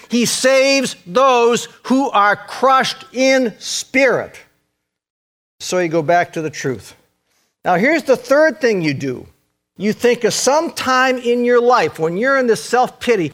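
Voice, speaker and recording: A man preaching a sermon, earnest and repetitive, shifting between loud urging and hushed, intense passages. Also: sits high. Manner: repeats phrases for emphasis.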